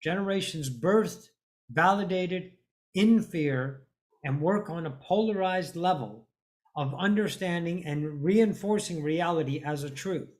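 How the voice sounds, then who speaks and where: A woman talks through a spiritual monologue in a blunt, preachy way, with swearing mixed in. She slows down and leans on key words to drive a point home, like a teacher addressing her followers. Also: on the low side, darkish tone. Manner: emphatic, drawn-out stresses.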